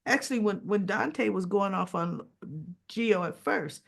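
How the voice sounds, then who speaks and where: A woman walks through a soap opera episode in a relaxed, unhurried recap, quoting what each character said. Her voice has a gravelly, fried edge. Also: mid-range voice. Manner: retells scenes, quoting each character in turn.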